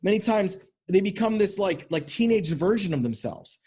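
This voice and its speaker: A man's voice: high voice, animated, moderate pace, a little mellow, breathy edge. A man hosting a podcast as a men's coach, talking bluntly and emphatically with lots of swearing. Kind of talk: motivational podcast monologue.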